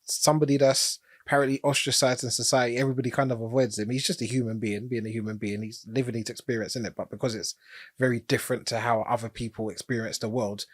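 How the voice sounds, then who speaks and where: Casting: London man, husky, quick talker, low-key podcast chat, dry mic. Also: level tone, dry recording. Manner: quiet murmured agreement, says innit. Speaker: podcast co-host. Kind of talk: casual chat.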